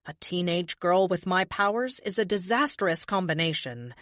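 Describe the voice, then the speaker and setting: A woman voicing a soft, confiding young empath. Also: on the low side, expressive, moderate pace, no room sound, clean studio sound. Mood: wry. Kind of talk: audiobook character voice.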